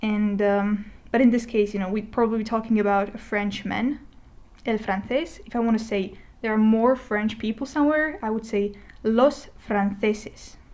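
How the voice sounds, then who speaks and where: A woman's voice: mid-range voice, fairly even intonation, a little mellow. Chatty woman teaching Spanish plurals. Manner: conversational, with many fillers and restarts, slowing to spell out example words. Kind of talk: explaining a lesson over a digital whiteboard. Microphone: voice-over recording.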